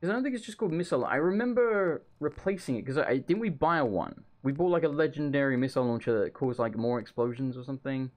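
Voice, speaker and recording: An expressive, medium-pitched man rambles through live gameplay commentary at home, feeling overheated. He chats with viewers throughout, firing off quick asides to chat.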